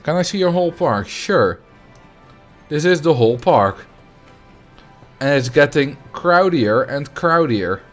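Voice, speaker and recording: A man's voice: on the high side, expressive, measured pace, long pauses, a bit bright, faint music behind. A young adult man streaming a game, chatting casually and rambling as he answers his viewers. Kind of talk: casual livestream chat while playing.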